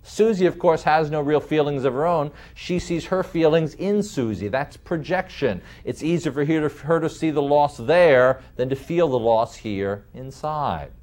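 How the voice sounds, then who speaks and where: A man lecturing in a deliberate way, slowing down to stress key terms and explaining with vivid everyday examples. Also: on the high side, a little mellow.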